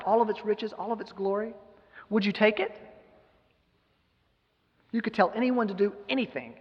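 A man's voice: high-pitched, long reverb tail, dull audio. A man giving a sermon, retelling a scripture story with emphatic rhetorical questions. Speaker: preacher.

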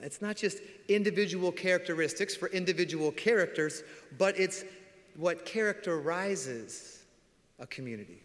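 Male pastor, lively preaching style with soft emphatic drops, reverb of a large sanctuary. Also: fairly high pitch, moderate pace. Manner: animated storytelling, acts out voices, drops to soft emphasis. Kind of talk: sermon. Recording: long hall reverb.

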